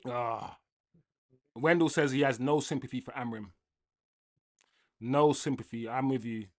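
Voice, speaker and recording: A young man hosts a fan livestream and rants angrily to his chat in a casual way. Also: mid-range voice. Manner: angry, ranting, lively with laughs.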